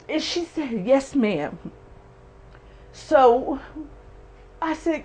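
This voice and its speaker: A woman in her forties speaks extremely slowly, with long pauses, in a high-sitting, darkish, animated voice. As a guest giving a heartfelt personal testimony, she is earnest and emphatic and acts out the speech of others.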